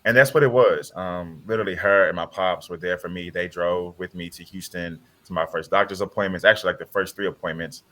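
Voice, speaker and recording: A man's voice: sits low, brisk, hardly any pauses, fairly bright tone. A man on a panel telling a personal story in an earnest, heartfelt way over a video call. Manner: earnest, heartfelt retelling with quoted dialogue.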